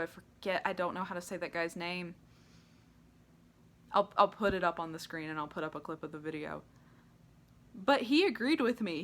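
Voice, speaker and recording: A woman's voice: on the low side, a bit bright. A young American woman giving a casual, sarcastic movie ranking commentary, laughing often and peppering her talk with "like". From United States. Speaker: movie reviewer.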